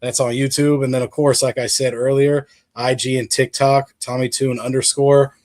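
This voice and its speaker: An eager man chats as a guest on a livestream, with a voice of middling pitch. He rambles casually and fills his sentences with "uh" and "like". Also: level tone, moderate pace, darkish tone. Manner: enthusiastic, rambling with fillers. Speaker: guest creator.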